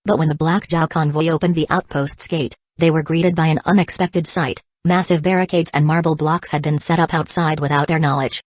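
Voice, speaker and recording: A woman narrating an action novel as an audiobook, reading in an even, steady way. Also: deep voice, a little fast, hardly any pauses, no room sound.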